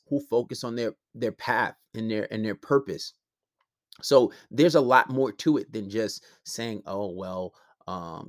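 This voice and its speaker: A male podcast host giving casual advice to listeners in a rambling, self-correcting way. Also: mid-range voice.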